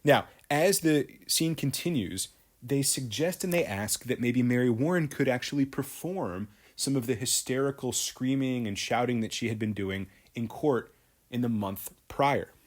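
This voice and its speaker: A male teacher walking through a play for his class. he explains scenes point by point and keeps checking in with listeners as he goes. his pitch sits mid-range for a man. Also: moderate pace. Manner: explanatory, frequent tag questions. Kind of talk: literature lesson, reading and explaining a play.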